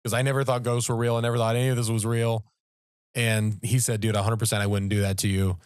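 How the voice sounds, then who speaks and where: A man with a fairly low voice tells a story on a podcast in casual, animated talk. His voice climbs at the tense parts. The sound is dry and close to the mic. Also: fast, clean tone, no room sound. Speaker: podcast co-host. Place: podcast studio.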